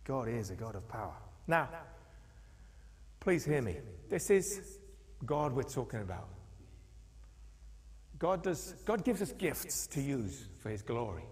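A man's voice: medium pitch, unhurried, long pauses. Man preaching in an echoing church. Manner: animated storytelling, acting out quoted voices. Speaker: pastor. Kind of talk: sermon. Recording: long echo of a church hall.

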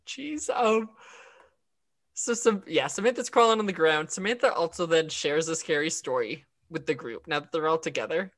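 A low-pitched woman speaking at normal speed co-hosts a podcast. She sums up an episode in relaxed, chatty conversation marked by many fillers and restarts.

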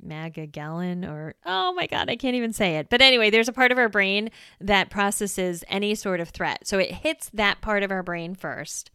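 A woman's voice: mid-range voice, fairly even intonation, pushed and bright, smooth, no room sound, studio quality. A woman hosting a casual solo podcast, explaining ideas in a chatty way and often checking in with the listener. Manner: chatty, checks in with "right?", acts out quick voices. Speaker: podcast host.

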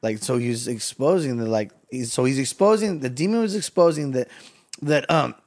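A man's voice: medium pitch, moderate pace. A man, a barber hosting a podcast, telling a story in casual chat and acting out the voices in it. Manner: animated, acts out the voices in his story.

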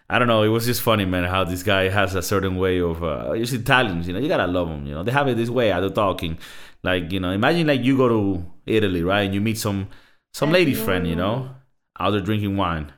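A man's voice: deep voice, expressive, fast talker, a bit bright. A Latin American man co-hosting a podcast, talking loosely and profanely with lots of "bro" and "like". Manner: loose, swearing, many fillers like "bro" and "like". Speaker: podcast co-host. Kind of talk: casual chat.

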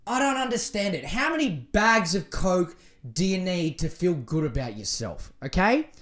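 Man, podcast host, high voice, jokey, foul-mouthed, rambling. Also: big pitch swings, moderate pace, fairly bright tone. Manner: profane, joking and rambling. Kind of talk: casual solo podcast rant.

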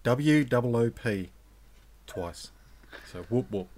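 A man with an Australian accent in casual chat, calm and laid-back, often breaking into giggles. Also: mid-range voice, slow pace.

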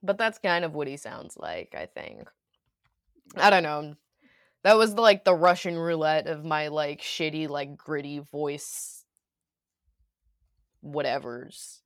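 A young woman chatting on a podcast, rambling through her thoughts with constant "like" and easy laughter. Her voice sits fairly low for a woman. The sound is dry and close, with no room around it. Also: animated, takes it slowly, pauses often, no room sound. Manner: rambling, lots of "like", laughs often. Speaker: podcast co-host. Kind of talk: casual chat.

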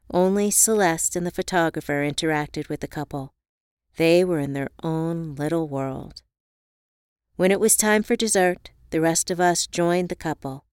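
A woman reading a first-person novel aloud in a calm, even storytelling manner. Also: on the low side, clear, resonant tone, no echo, studio quality. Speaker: audiobook narrator. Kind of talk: first-person audiobook narration.

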